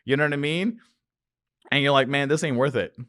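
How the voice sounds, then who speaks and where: On a podcast, a real estate investor with a medium-pitched, clear, resonant, slightly bright voice tells wild anecdotes at a brisk clip. He swears freely and acts out the voices of the people in his animated stories, captured in a dry, clean studio recording.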